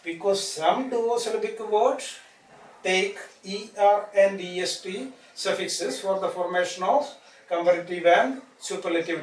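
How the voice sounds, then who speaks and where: High-voiced man teaching English grammar. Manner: repetitive, checks understanding with tag questions. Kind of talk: classroom grammar lecture. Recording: echoey room from far off, faint noise.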